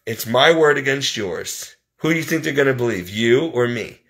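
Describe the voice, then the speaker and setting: A man voicing the scheming old woman he cares for, smug and calculating, in his own gravelly voice. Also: mid-range voice, lively intonation, moderate pace, fairly bright tone.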